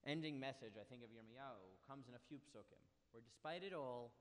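A man teaching a Bible class. He reads Hebrew verses and translates them, and his delivery swings between hushed and loud. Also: mid-range voice, a little fast, big-room sound. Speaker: Torah teacher.

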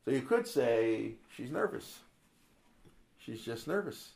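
A gravelly, slightly mellow voice at medium pitch carries a slow, sing-song Torah lesson from a religious studies teacher. His conversational style is full of rhetorical questions and quoted Hebrew verses, with frequent digressions and restarts.

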